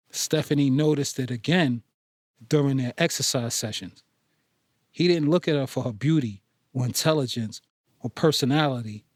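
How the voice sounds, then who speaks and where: A man reading a novel aloud as an audiobook narrator in a steady storytelling manner. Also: mid-range voice, no echo, studio quality. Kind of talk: scripted narration.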